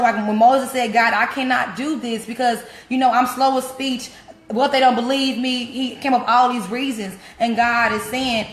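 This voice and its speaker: A woman preacher giving an informal sermon straight to her listeners. She talks in plain, everyday words and keeps repeating her key phrases. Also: on the high side. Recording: echoey room.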